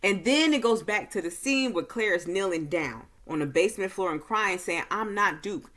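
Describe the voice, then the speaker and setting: Slow, easygoing woman recapping a film. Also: on the low side, lively intonation, fairly bright tone. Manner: slow, easygoing delivery with many fillers. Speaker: movie reviewer. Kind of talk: casual film recap and review.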